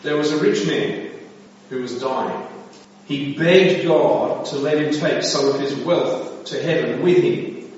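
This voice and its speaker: A man's voice: on the high side, slow pace, a little mellow, a little hiss or hum. A man preaching to a congregation, telling a joke and asking the room questions. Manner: storytelling, asks the congregation questions. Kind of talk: sermon with a joke. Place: church hall. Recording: distant echoey hall, dull sound.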